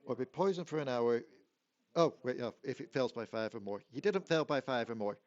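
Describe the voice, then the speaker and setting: A man's voice: mid-range voice, expressive, fairly quick, darkish tone, dull audio. A man running a tabletop game as dungeon master, counting out dice rolls and reading rules, often laughing.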